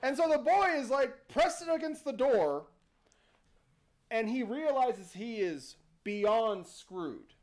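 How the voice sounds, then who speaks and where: A man's voice: very high-pitched, takes it slowly. A man hosting a livestream, casually retelling a story and acting out the characters. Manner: animated, playful, acts out characters. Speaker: host.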